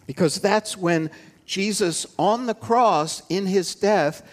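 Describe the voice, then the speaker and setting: Slow, deliberate male pastor preaching. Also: high-pitched. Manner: slow, deliberate, asides to the congregation. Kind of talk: sermon.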